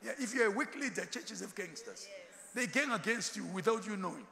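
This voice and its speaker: A man's voice: sits high, animated, a little fast, gravelly, bright, forceful tone. A man preaching a sermon as a bishop, asking the congregation questions and telling stories with humour. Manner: call-and-response preaching with rhetorical questions; humorous storytelling, laughs often. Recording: long hall reverb, faint background noise.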